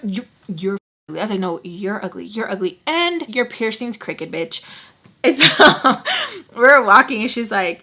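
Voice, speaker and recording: A young woman telling a casual storytime, chatty and animated, swearing freely and filling talk with "like". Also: a little high. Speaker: storytime vlogger.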